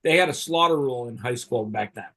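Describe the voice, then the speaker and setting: A man's voice: medium pitch, fast, pushed and bright. A middle-aged man telling a rambling, profane story in casual chat, often laughing as he goes. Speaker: podcast host.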